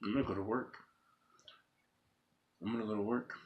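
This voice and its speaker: Man, earnest vlog monologue, low voice, emphatic, repetitive, rhetorical questions, faint background hum. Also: fairly even intonation, moderate pace, a little mellow, dull audio. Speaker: vlogger.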